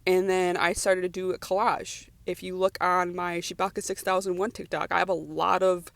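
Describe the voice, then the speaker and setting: Young American woman, vlog voice-over; gravelly, rambling, emotional, close dry mic. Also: on the low side, level tone, normal speed, fairly bright tone, dry recording. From United States. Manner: rambling, emotional, many restarts and "like"s. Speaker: vlogger. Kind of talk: personal voice-over podcast.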